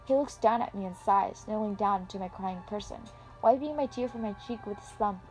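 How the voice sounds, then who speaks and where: A woman reads a first-person fan story aloud in a dramatic, expressive manner. Faint music plays softly behind her voice. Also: medium pitch, moderate pace, low-quality recording. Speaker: story reader.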